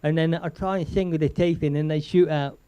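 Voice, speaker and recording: An older man hosts a comedy live stream, rambling cheerfully and chuckling between jokes. His speaking voice sits fairly high. The sound is close and dry. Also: fairly even intonation, fairly quick, warm tone, clear, resonant tone, no echo, muffled recording. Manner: rambling, chuckling, thanks viewers. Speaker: comedian host.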